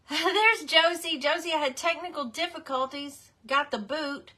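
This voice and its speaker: Speaking slowly in a high, sharp voice, a middle-aged woman runs a relaxed craft livestream. She's chatty and apologetic and welcomes her viewers by name.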